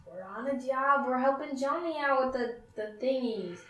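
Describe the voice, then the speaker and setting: A woman's voice: high-pitched, lively intonation, moderate pace, a bit bright, highs cut off. A woman playing a tabletop game, answering in character in a flustered, evasive way. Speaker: player. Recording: roomy, distant mic.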